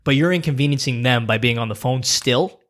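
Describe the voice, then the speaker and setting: A man hosts a podcast from a small home gym room, chatting casually in a mid-range, fairly bright voice at a fairly quick pace. He tells stories and punches them up with short repeated phrases.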